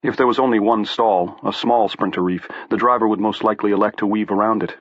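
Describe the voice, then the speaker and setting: A man narrating a horror audiobook in a measured storytelling way. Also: on the low side, steady tone, a bit bright, no echo, muffled recording. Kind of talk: scripted narration.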